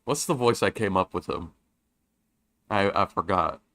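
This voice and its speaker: Gravelly-voiced young man streaming a game. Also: low voice, a little slow, sharp tone. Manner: casual and offhand. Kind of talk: gaming commentary, reading game dialogue aloud. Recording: faint game music behind.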